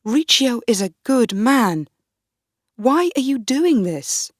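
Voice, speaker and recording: A woman voicing a proud, defiant young queen, speaking slowly and firmly. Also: on the high side, sing-song, no echo, studio quality, voice pushed up, heavily acted.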